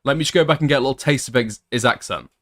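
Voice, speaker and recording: A man's voice: medium pitch, very fast, a bit bright. A man doing commentary as a YouTuber, reading screenshots aloud with blunt, sarcastic asides.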